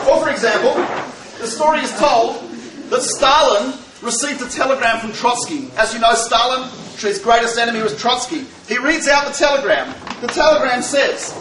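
Brief: high-pitched male Torah teacher, playful lecturer asking questions, echoey hall. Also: fairly quick, recorded from a distance, crowd noise. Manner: joking, full of rhetorical questions. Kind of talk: lecture to a live audience.

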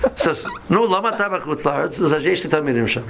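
Gravelly-voiced man telling a story. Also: fairly high pitch, racing, slight background noise. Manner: animated, acts out dialogue, frequent restarts. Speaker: Torah teacher. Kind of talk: storytelling in a class.

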